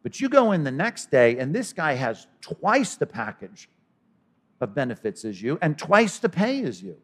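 Animated pastor, lively voice. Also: male voice, a little high, moderate pace. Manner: animated, acts out characters in conversational asides. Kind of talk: expository sermon.

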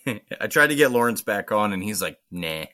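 A man's voice: fairly low pitch, lively intonation, normal speed, pushed and bright, no echo, studio quality. A man from Maine with a light Maine accent, co-hosting a casual podcast chat, joking and swearing freely. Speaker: podcast co-host.

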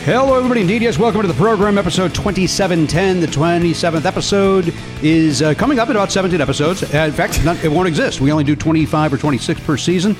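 A man's voice: high voice, quick pace, few pauses, music in the background. A man from Chicago hosting a casual comedy podcast, joking and swearing freely. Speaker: podcast host. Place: Los Angeles.

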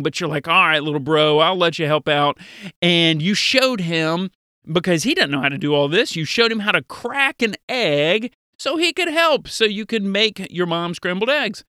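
A young man with a high, bright voice teaches a Bible lesson to children. He talks playfully and directly to them, in a dry, close recording. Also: clean tone, dry recording. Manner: lively, playful, talks straight to kids.

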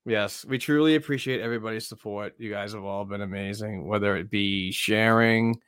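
A man's voice: on the low side, fairly even intonation, a little fast, crowd noise. A man hosting a sports podcast in casual chat, rambling loosely with many fillers. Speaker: podcast host.

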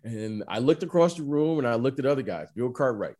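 Animated, emphatic middle-aged man. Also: medium pitch, fairly quick. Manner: animated storyteller, repeats the host's name, emphatic. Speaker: former basketball player, guest. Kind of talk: casual chat.

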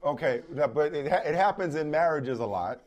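A married man co-hosting a sports talk show, arguing in a lively, incredulous way and acting out scenes. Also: on the high side, fairly quick. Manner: lively, incredulous, acts out arguments. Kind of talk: animated sports debate.

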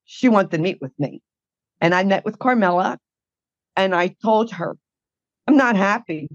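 A woman's voice: mid-range voice, expressive, measured pace, dry recording. Woman guest telling her story straight out, bit fired up, dull dry sound. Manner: blunt, indignant storytelling. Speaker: guest caregiver. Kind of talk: emotional personal account.

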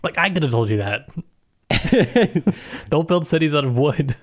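Wry man with a lively voice. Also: on the high side, a little slow. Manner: wry, dismissive jokes. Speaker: podcast co-host. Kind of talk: casual book discussion.

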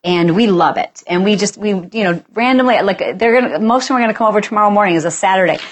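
Woman podcast host in her 40s, chatty, playful, animated, mid pitch. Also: fast talker. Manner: chatty, animated, acts out dialogue with playful exaggeration. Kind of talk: casual solo talk.

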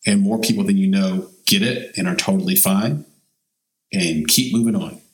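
Low-voiced man hosting in a roomy space. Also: moderate pace. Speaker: podcast co-host. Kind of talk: casual podcast chat.

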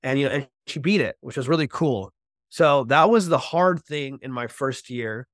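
A man's voice: medium pitch, normal speed, fairly bright tone, no room sound. Guy telling his recovery story on a podcast, heartfelt, lots of "like", dry close sound. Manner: earnest, heartfelt storytelling with many "like" fillers. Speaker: podcast guest.

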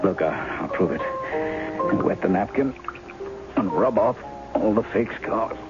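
A man's voice: on the low side, expressive, unhurried. An actor playing a charming male impostor in a 1970s radio drama, wry and teasing, often laughing. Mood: pleading. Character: charming male impostor, a blocked novelist posing as a husband. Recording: dull old radio broadcast with music.

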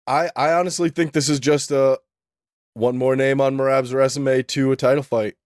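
A man's voice: medium pitch, steady tone, normal speed, no room sound, studio quality. A man appearing as a podcast guest, talking loosely and offhand. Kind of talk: casual podcast chat.

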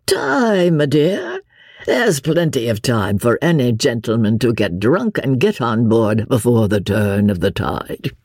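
Lady doing a drawly jokey fop nobleman, gravelly husky voice. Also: very deep voice, sing-song, unhurried, darkish tone, dry recording, clean studio sound, exaggerated voice. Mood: jovial. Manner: drawling, affected oaths, good-humoured. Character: lazy foppish English nobleman, drawling and jovial. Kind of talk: audiobook character reading.

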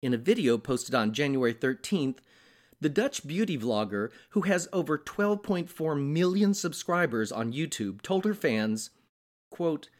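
A man reading weekly news headlines as the show's anchor, in a steady, measured scripted delivery. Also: on the high side.

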